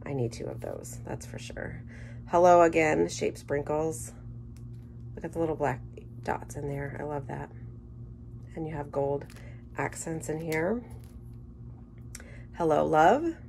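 A woman chatting casually through an unboxing, gushing with enthusiasm and dropping into soft murmured asides. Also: low-pitched, slow, creaky, pauses often, slight background noise. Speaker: scrapbooking vlogger.

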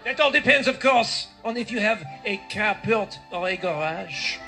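Cheesy french charmer, high voice, all suave and playful. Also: male voice, lively intonation, moderate pace, over music. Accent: put-on French. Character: smooth-talking male French dealer, self-styled lover of women. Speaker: game show dealer character.

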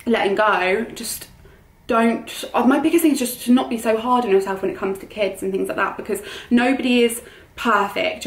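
A young woman vlogging at home and speaking straight to camera, chatty and heartfelt, with lots of ums and restarts. Her voice sits at a middle pitch. The sound carries a noticeable room echo. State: tearful at times. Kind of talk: casual talk to camera.

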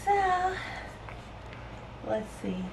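Worn-out woman vlogging, subdued and slow, echoey room with noise behind. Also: sing-song, gravelly. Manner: low-key, subdued delivery. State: tired, new mother. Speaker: vlogger sharing ancestry results. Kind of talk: casual chat.

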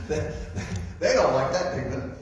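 A man's voice: on the high side, big pitch swings, slow. Guest preacher, male, folksy delivery with restarts, distant mic in a roomy sanctuary with faint noise. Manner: folksy, repeats words while building a point. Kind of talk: sermon. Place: church hall.

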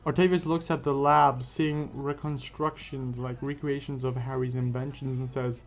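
A man's voice: medium pitch, flat delivery, normal speed, creaky, hardly any pauses. A man narrating a fan-made story casually, correcting himself as he goes. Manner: unscripted, self-correcting. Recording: dull lo-fi with faint music.

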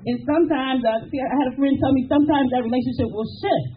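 Middle-aged woman preaching a memorial tribute, fairly high voice, thin phone-ish sound. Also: fast talker, highs cut off, slight background noise. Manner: preacher-like call and response with the crowd. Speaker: daughter giving a memorial tribute.

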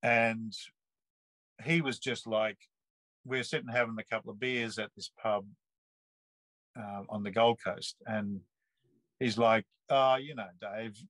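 A man, telling a personal story in a relaxed, rambling way full of earthy slang and restarts. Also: fairly low pitch, unhurried, long pauses, no echo, rough recording. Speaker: interview guest. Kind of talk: casual storytelling.

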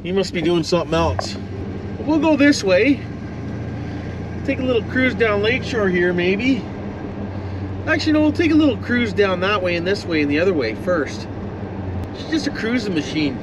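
A man's voice: sits high, animated, fairly quick. Folksy man driving his truck. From Ontario, Canada. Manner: folksy, rambling, talks to passing animals. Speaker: vlogger. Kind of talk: casual driving commentary. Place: inside a moving old pickup truck. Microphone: camera mounted in the truck cab. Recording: loud engine and road noise in a truck cab. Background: engine and road noise.

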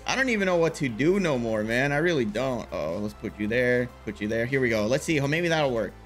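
A man commentating his own video game match, casual and full of slang, muttering one moment and yelling the next. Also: medium pitch, a little fast, soft background music. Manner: animated, swings from muttering to loud outbursts, casual slang. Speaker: gaming YouTuber. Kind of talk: excited live gameplay commentary.

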